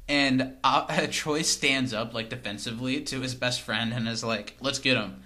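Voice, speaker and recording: A man's voice: medium pitch, steady tone, unhurried, sharp tone. A man co-hosting a casual podcast, recapping scenes, quoting lines and laughing often. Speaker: podcast co-host. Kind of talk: casual rewatch chat.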